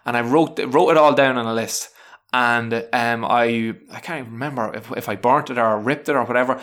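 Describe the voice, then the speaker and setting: A man's voice: medium pitch, a bit bright. A man, a teacher, casually talking through his personal tips. He rambles and restarts often and sounds frank and chatty. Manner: rambling, many restarts and fillers; frank, chatty, self-deprecating. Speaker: teacher sharing self-help tips. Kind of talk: casual spoken advice monologue.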